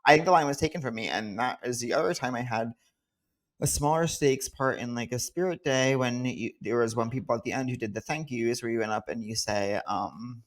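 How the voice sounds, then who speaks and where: A man's voice: mid-range voice, brisk. A man co-hosting a podcast, telling rambling anecdotes in casual chat. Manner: rambling anecdotes full of fillers. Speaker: podcast co-host.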